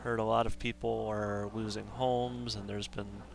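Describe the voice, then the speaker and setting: A man's voice: on the low side, flat delivery, a little slow, vocal fry, slight background noise. A man streaming a game live, chatting casually and self-deprecatingly with his viewers. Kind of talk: casual live-stream chat while gaming.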